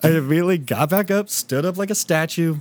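A man's voice: a little high, quick pace, dry recording. A young man animatedly telling a funny story as a podcast host, laughing often and swearing. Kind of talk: casual storytelling.

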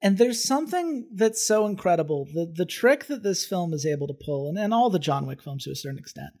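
A man's voice: sits high, expressive, a little fast, darkish tone. A man in casual podcast chat, breaking down a film earnestly and analytically.

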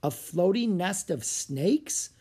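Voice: medium pitch, sing-song, moderate pace, dark tone, breathy edge, pitched above the performer's own voice. An audiobook narrator voicing a cheerful, fearless young girl, bubbly and delighted.

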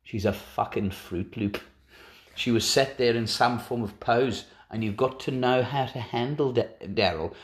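A man's voice: medium pitch, a little slow, close to an everyday voice. A man voicing a gossiping woman from the film industry with a put-on South African accent, blunt and sweary. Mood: scornful.

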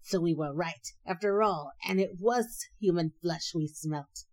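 A woman voicing a pack of hungry demonic monkey creatures who shout excitedly as they hunt. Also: lowish voice, measured pace, no room sound. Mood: coaxing.

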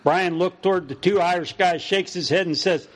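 A man's voice: high voice, moderate pace. A man co-hosting a home-improvement radio show, teasing his partner and telling jokes. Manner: joke-telling, playful teasing. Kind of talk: scripted comedy banter.

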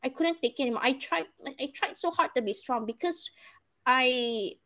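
A woman's voice: high-pitched, moderate pace, a bit bright. A young woman, chatting casually and emotionally retelling a bad experience. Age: young adult. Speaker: storyteller. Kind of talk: casual chat.

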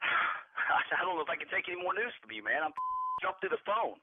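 A man's voice: sits high, big pitch swings, fairly quick. A man on a phone call, exasperated and laughing in disbelief, bleeped swearing breaking through. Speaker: prank call target. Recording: phone line.

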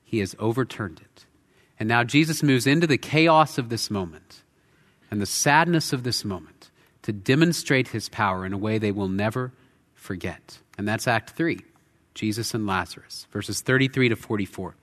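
A male pastor preaching a sermon in a church, earnest, shifting between intense emphasis and quiet reflection. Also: on the low side, lively intonation, normal speed. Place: church sanctuary. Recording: long hall reverb.

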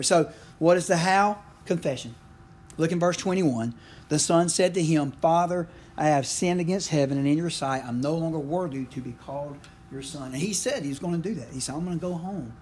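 A man's voice: fairly high pitch, a little mellow, husky. A middle-aged man, preaching a conversational sermon full of asides and questions to the congregation. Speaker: pastor.

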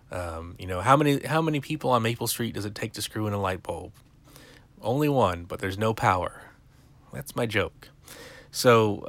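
A man's voice: on the low side, a bit bright, no room sound. A man hosting a podcast, casually recapping an episode with rambling, wry asides and plenty of fillers. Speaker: podcast host.

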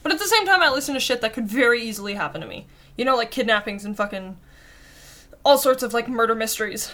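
Woman, young adult, casual chat, rambling, swears freely, high-ish voice. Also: animated, quick pace, bright, forceful tone. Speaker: podcast guest.

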